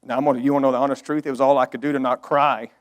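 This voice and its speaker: A man's voice: medium pitch, little pitch movement, racing. A middle-aged man preaching a storytelling sermon, earnest and emotional, swelling to emphatic outbursts.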